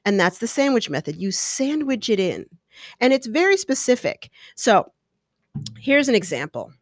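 A woman's voice: moderate pace, no room sound. Chatty woman giving advice, dry close sound. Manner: chatty, animated, acts out little scenes in higher voices. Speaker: podcast host. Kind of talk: casual advice talk.

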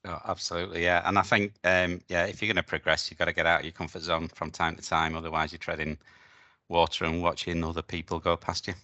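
A man's voice: low voice, level tone, fast talker, pushed and bright, no echo, highs cut off. A middle-aged man hosting a podcast interview, chatting easily and telling a story of his own. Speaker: podcast host. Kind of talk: conversational interview.

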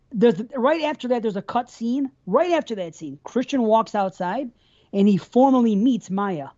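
Woman, co-host, mellow dark tone, swears a lot, rambles through scene recaps, slightly muffled recording. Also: on the high side, expressive, unhurried. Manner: profane, rambling, retells scenes at length. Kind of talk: casual film discussion.

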